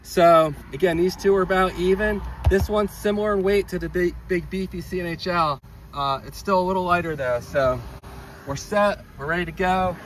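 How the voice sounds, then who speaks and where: A high-voiced man talks through a hands-on test outdoors near a road, reading out numbers and reacting with open enthusiasm. His delivery is casual and unscripted, the way he would think aloud to himself. A faint hum of outdoor ambience sits under his voice. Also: normal speed, rough recording. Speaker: RC hobby channel host. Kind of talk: casual hands-on testing vlog.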